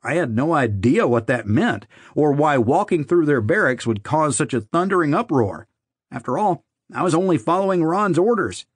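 A man narrating a first-person audiobook in a steady, conversational storytelling manner. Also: mid-range voice, no echo, studio quality.

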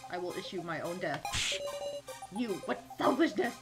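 Woman doing a gruff, defiant young man. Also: lowish voice, animated, moderate pace, over loud music, pitched below the performer's own voice.

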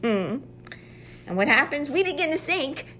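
A woman's voice: high-pitched, sing-song, slow pace, sharp tone, a little hiss or hum. A woman giving a devotional Bible teaching. She speaks earnestly and often drops to a whisper for emphasis.

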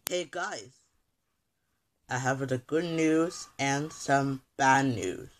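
A man's voice: mid-range voice, drawn-out words, a little hiss or hum. A man rambling goofily through a homemade toy skit as narrator and main performer. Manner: rambling and goofy, slipping in and out of voices. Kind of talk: playful improvised skit.

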